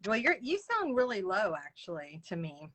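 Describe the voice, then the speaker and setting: A woman's voice: medium pitch, big pitch swings, moderate pace, noisy background. A woman hosting a live video interview, chatting casually and greeting viewers by name. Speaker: livestream interview host. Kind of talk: casual live-stream chat. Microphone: video call.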